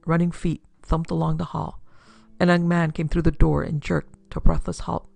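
Lady narrating a pulp detective tale, gravelly, dry close sound. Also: low-pitched, little pitch movement, normal speed, darkish tone, no echo. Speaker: narrator and podcast host.

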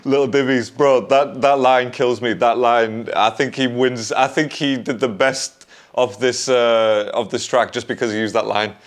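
A man's voice: mid-range voice, steady tone, a little slow. A man hosting a music reaction, chatting casually and rambling, with lots of "like" and restarts.

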